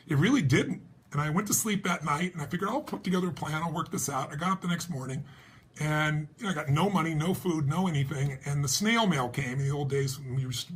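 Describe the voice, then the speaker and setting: A man's voice: fairly high pitch, slightly rough. A man telling a personal story and appealing for donations, acting out the dialogue as he goes. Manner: animated storytelling, acts out dialogue.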